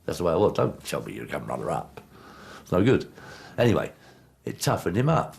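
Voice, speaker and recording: A man's voice: sits low, sing-song, brisk, creaky, darkish tone, a little hiss or hum. A man recalling his darts career in a blunt, plain-spoken interview. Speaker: interviewee, former darts player. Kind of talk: casual reminiscing interview.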